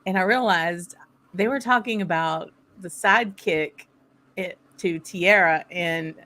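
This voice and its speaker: A woman's voice: on the low side, a little slow, sharp tone. Chatty Southern American woman. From southern United States. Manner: chatty, laughing, thinking aloud. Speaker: host. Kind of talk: casual chat while tasting whisky.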